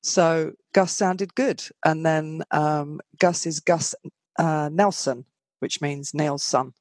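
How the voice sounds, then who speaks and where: A woman's voice: deep voice, steady tone, slow pace, a little mellow, no room sound. A woman hosting a podcast in casual chat, talking easily with trailing asides. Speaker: podcast host.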